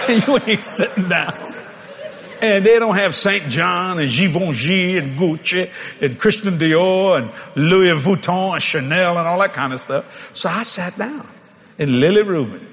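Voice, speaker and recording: A man's voice: high-pitched, slow pace, a little hiss or hum. An older man, telling a folksy, joking story in a sermon. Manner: folksy, animated, joking with the crowd. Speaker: preacher.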